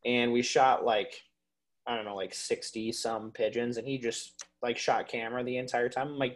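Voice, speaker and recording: Animated young man telling hunting stories. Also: medium pitch, moderate pace. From Minnesota. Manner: animated storyteller, swears freely, lots of "like" and "dude". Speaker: podcast guest, waterfowl hunter. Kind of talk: casual podcast interview.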